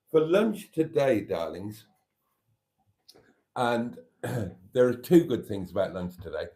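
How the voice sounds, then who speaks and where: Slow, mellow man chatting. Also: medium pitch. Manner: chatty, rambling, reads viewer comments aloud. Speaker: live-stream host. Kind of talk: casual live-stream chat.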